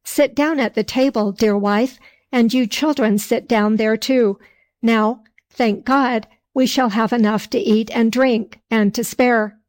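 A woman voicing a poor, simple, lazy peasant man in slow archaic speech. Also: a little high, steady tone, lightly acted. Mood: hopeful.

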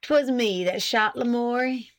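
A woman voicing a glum, stubborn old farmer who speaks slowly in rustic country dialect in a storybook reading. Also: a little high, natural voice. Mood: dejected.

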